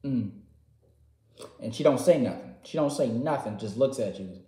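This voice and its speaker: An excitable man tells a story in loose, slangy talk, jumping between loud bursts and quiet muttered asides. His voice sits at an ordinary middle pitch. The sound has a roomy echo around it. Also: normal speed. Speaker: gaming vlogger. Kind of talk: casual storytelling recap.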